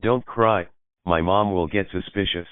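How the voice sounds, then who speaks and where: Man doing a defensive young dude, deep smooth voice, tinny and dry. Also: a little slow, dry recording. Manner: defensive, exasperated. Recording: dry, phone-like lo-fi audio.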